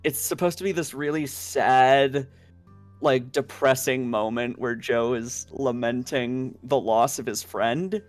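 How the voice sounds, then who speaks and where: A man's voice: medium pitch, takes it slowly, faint music behind. A man co-hosting a live stream, telling a rambling story with plenty of swearing and giggles. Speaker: co-host on a stream. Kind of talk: casual anecdote-telling.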